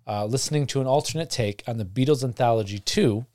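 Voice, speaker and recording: A man co-hosting a podcast in a relaxed, rambling way, full of fillers and easy laughs. His voice sits at an ordinary middle pitch, with a slight frog in his throat. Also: fast talker. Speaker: podcast co-host. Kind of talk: casual chat.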